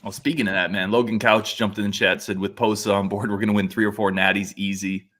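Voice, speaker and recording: A man hosting a podcast, asking casual interview questions in a friendly, brisk way. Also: on the low side, flat delivery, fairly bright tone. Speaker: podcast host.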